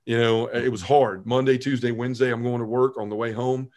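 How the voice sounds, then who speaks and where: A man's voice: medium pitch, a little fast. Earnest man telling his life story. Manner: earnest, animated storytelling, acting out his own past voice. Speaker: podcast guest.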